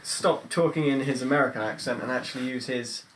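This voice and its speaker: A British man co-hosting a podcast, dry and sarcastic, swearing casually in a relaxed chat. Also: mid-range voice, a little fast, heavy background noise. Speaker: podcast co-host.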